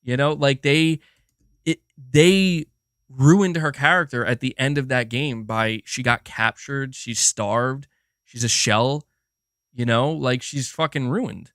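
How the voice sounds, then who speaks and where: A man hosting a gaming livestream, talking in a casual, animated and profane rant, often restarting his sentences and answering chat. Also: medium pitch, slow pace, dry recording, studio quality. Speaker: livestream host.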